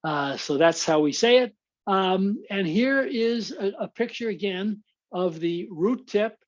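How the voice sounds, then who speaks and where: A man's voice: high voice, expressive, a little slow, lo-fi sound. An American man giving a webinar lecture as a guest speaker, explaining slides with frequent uhs and restarts.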